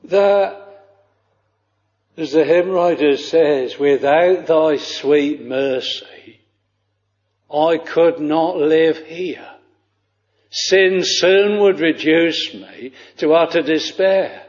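A man preaching a sermon, slow and solemn, with old-fashioned scriptural phrasing, on a dull lo-fi recording. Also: fairly high pitch, a little mellow, big-room sound.

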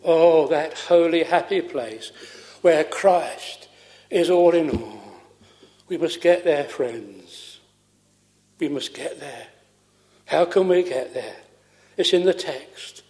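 A man's voice: a little high, takes it slowly, long pauses, a little mellow. An older man preaching an earnest, fervent sermon in old-fashioned scriptural language, then closing in prayer.

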